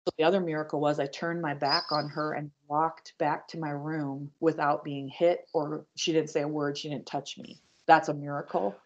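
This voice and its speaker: A woman guest on a podcast, earnestly telling her personal story with halting restarts and speaking straight to her listeners. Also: deep voice, flat delivery, a little mellow. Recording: dull lo-fi audio.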